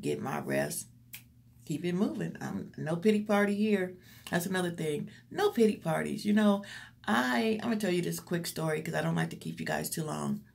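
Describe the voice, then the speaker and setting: Woman vlogger, low gravelly voice, earnest faith-filled pep talk to her viewers. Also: a little mellow. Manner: earnest, encouraging, preacherly repetition. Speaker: motivational vlogger. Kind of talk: faith-based motivational talk to camera.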